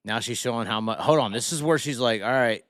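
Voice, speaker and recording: A man's voice: mid-range voice, quick pace, dry recording, clean studio sound. A man hosting a casual live stream, rambling and incredulous, talking to viewers with many restarts. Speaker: livestream host.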